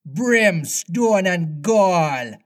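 Storybook pirate captain, theatrical and slow, done by a man reading aloud. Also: fairly high pitch, animated. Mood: raging. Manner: theatrical, drawn-out old-fashioned speech. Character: menacing, shaken pirate captain, older man.

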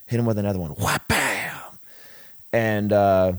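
Man, low voice, rambling profane storyteller, dry close mic. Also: normal speed, a little mellow, no room sound. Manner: rambling, profane, many restarts. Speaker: wrestler telling a story. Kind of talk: casual podcast storytelling.

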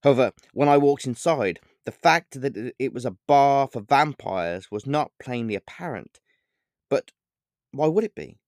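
A man's voice: medium pitch, expressive, a little mellow, dry recording, studio quality. Man reading his own novel aloud. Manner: measured, explanatory storytelling with digressions. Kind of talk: first-person audiobook narration.

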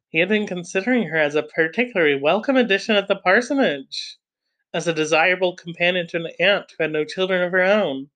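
A man's voice: a little high, a bit bright. Man reading a novel aloud, wry asides. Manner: wry, joking asides between passages. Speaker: reader.

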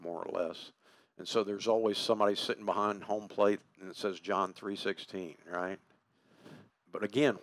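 Slow, low-voiced folksy preacher man. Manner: folksy, conversational, slows to stress key words. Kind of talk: sermon.

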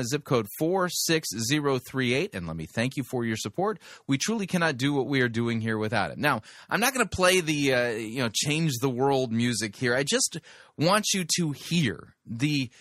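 Bright-voiced male talk radio host, dry studio sound. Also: medium pitch, dry recording. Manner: sarcastic, reacts loudly with mock outrage.

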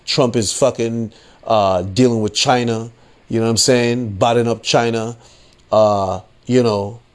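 A man's voice: medium pitch, fairly even intonation, a little slow. Guy ranting on his podcast, cussing a lot, keeps saying you know what i mean, laughs at his own points. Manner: profane, repetitive, frequent "you know what I'm saying". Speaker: podcast host. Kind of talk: casual political rant.

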